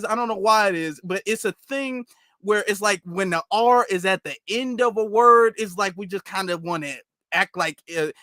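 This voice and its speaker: High, bright Southern man talking casually. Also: dry recording, studio quality. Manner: repetitive, conversational, asks the audience for agreement. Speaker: commentary channel host. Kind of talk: casual livestream commentary.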